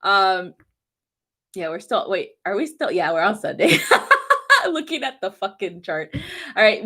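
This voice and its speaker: A woman reads the week's astrology transits in a relaxed, chatty way. She talks straight to her viewers, swears freely and breaks into laughter often. Her voice sits at an ordinary mid pitch for a woman. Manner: blunt, heavy swearing, frequent laughter; animated, talks directly to viewers. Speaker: astrology and tarot reader. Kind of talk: casual weekly astrology forecast.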